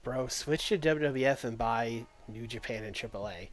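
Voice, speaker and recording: A man's voice: medium pitch, normal speed. A man casually talking through a strategy game on a livestream, thinking aloud and addressing his chat. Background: faint background music.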